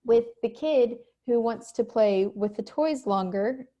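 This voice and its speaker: Mellow-voiced woman giving a lecture. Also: fairly high pitch, highs cut off. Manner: conversational, acts out quick examples. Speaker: instructor. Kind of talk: recorded online lecture. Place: home, cat nearby.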